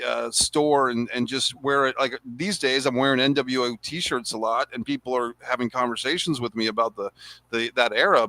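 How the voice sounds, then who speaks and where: A man hosting a casual interview, conversational and reading quotes aloud slowly. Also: medium pitch, fairly bright tone, no room sound. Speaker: host.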